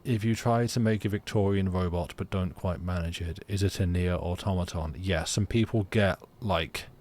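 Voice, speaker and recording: A man streaming a story game, chatting sarcastically in a halting, rambling way and reading game text aloud. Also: deep voice, a little mellow. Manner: rambling, halting, full of restarts, sarcastic jokes.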